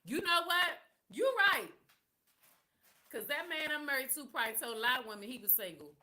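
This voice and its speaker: A middle-aged woman hosts a live podcast in casual chat. Her voice sits a bit high and sounds bright and forward, and she tells her stories in a candid, sassy way. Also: expressive, moderate pace. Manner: candid, sassy storytelling with slang and laughter. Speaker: podcast host.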